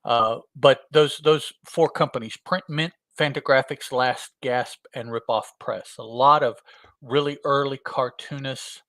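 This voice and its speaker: A man co-hosting a podcast, rambling and hesitant, with a bright, forceful tone. The sound is dry and close to the mic. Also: mid-range voice, fairly even intonation, unhurried, no room sound. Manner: rambling, hesitant, many fillers and restarts. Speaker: podcast co-host. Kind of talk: casual podcast chat.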